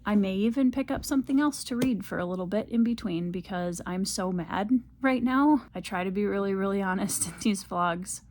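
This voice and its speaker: Young woman book vlogger, casual to-camera talk, mid-pitched voice, gets heated and repeats herself. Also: steady tone, fairly quick, few pauses, darkish tone, slight background noise. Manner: frustrated ranting, repetitive. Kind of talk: casual reading vlog.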